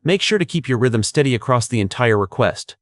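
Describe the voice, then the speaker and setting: A man giving scripted test-prep coaching in a clear, measured way. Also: mid-range voice, expressive, no room sound, studio quality. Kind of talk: scripted instructional narration.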